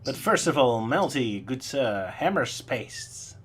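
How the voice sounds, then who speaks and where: A man's voice: mid-range voice, sing-song, slow, a bit bright, breathy edge. A man hosting a casual podcast, making wry asides and handing over to guests. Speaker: podcast host.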